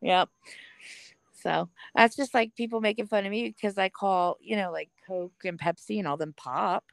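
Lively midwest woman cohost, acts out her stories, dry close sound. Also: medium pitch, moderate pace, creaky, no room sound. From American Midwest. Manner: animated storyteller, acts out quotes. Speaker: podcast co-host. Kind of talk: casual chat.

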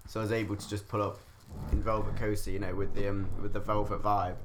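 A man's voice: lowish voice, level tone, fast talker, background noise. A young man, chatting casually on a podcast, laid-back and slangy, swearing and laughing often. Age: late teens. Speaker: podcast co-host. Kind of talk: casual chat.

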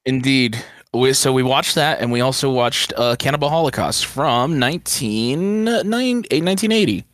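A man co-hosting a podcast talks in a loose, animated way, cutting in with quick remarks and casual swearing. His pitch is middling, and the sound is dry and close with no room echo. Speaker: podcast co-host. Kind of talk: casual chat.

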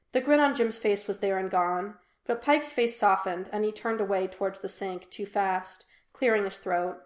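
A woman reading a fan fiction audiobook in an even, unhurried storytelling voice. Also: mid-range voice. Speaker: podfic reader. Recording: echoey room.

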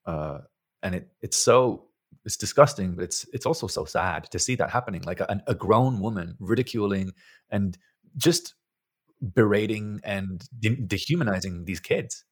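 Deep-voiced male interviewer. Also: moderate pace.

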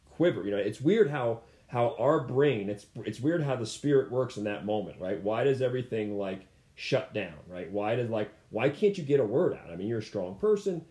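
A man's voice: medium pitch, warm tone. A man as an interview guest, candidly telling a personal story, rambling and repeating himself with frequent "you know" fillers. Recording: roomy echo.

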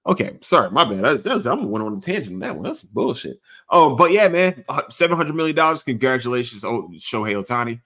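A man hosting a casual sports podcast, rambling and swearing, jumping into sudden high excited outbursts. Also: fast. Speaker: podcast host.

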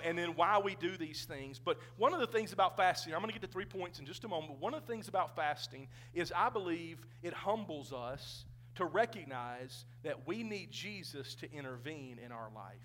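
Bright high-voiced male pastor preaching. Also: a little hiss or hum. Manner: conversational, jokes with the congregation. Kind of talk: sermon. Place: church sanctuary.

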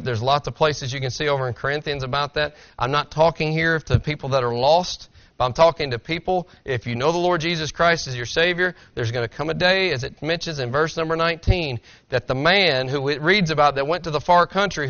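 Male pastor, earnest conversational sermon delivery, slightly high bright voice, lo-fi church recording. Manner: earnest, conversational preaching with rhetorical questions. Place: church sanctuary.

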